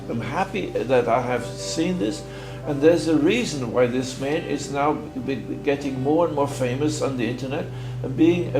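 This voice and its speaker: Older non-native man as guest teacher, halting and repetitive, mid pitch, echoey room with faint music. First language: German. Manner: halting, repeats words, rambling. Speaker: guest bonsai master. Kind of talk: casual explanation. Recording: roomy echo with faint music.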